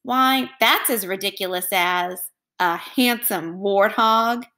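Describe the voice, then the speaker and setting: A woman's voice: mid-range voice, slow, pushed and bright. A woman voicing a sly, mischievous male spider trickster who mocks the others. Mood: mocking. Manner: teasing, mocking.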